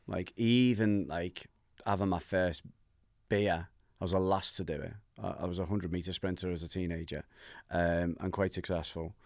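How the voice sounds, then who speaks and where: A man is hosting a podcast and tells a candid personal story. He talks in a lowish voice that jumps up when he acts out the other people in it. The sound is close and dry. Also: normal speed, dry recording. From Merseyside, England. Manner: animated, acts out voices in his anecdotes. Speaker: podcast host.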